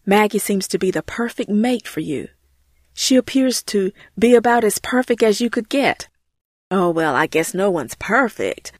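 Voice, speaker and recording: A woman's voice: mid-range voice, lively intonation, moderate pace, no room sound, studio quality, natural voice. A woman voicing an earnest, grateful churchgoing woman in an amateur audio drama, speaking heartfelt and sincere. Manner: heartfelt, earnest, often says his name.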